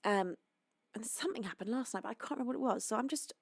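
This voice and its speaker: A woman's voice: on the high side, very fast, gravelly, dry recording, studio quality. A young woman from the UK, a singer-songwriter, chatting to her live chat in a rambling, friendly way while feeling tired. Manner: chatty, rambling, greets viewers warmly. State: tired and sleepy.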